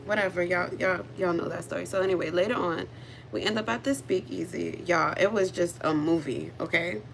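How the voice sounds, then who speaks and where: A woman livestreaming, telling a story in a chatty, animated way. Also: on the low side, brisk, vocal fry, a little hiss or hum, low-quality recording. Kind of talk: casual storytelling chat.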